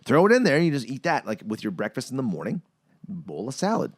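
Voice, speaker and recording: A young man chatting on a casual podcast, his pitch leaping around as he rambles through stories and swears freely. His voice sits at an ordinary male pitch, and the sound is close and dry. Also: huge pitch swings, brisk, no echo. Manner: rambling storyteller, swears freely, sings joke parodies. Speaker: podcast co-host.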